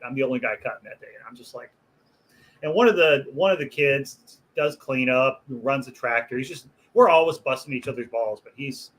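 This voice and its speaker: A man, a butcher guest on a casual podcast, telling animated, profane workplace stories and laughing along with them. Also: medium pitch, rough recording. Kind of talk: casual storytelling chat.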